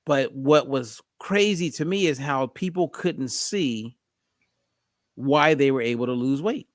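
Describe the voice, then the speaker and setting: A man hosting a podcast, telling a story in a lively, conversational way. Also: medium pitch, a little slow, no room sound, studio quality. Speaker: podcast host.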